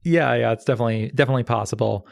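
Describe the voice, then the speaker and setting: Brisk joking male podcast host. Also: mid-range voice, vocal fry, no echo, studio quality. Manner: quick, light-hearted, joking asides. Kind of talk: casual interview chat.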